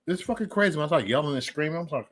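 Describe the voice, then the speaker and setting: A man hosting a casual livestream, with a slightly high voice that swings up and down constantly. He jokes loudly, swears freely and laughs often as he banters with his viewers. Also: lively intonation, very fast. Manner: loud, joking, profane banter with frequent laughs. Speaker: live stream host.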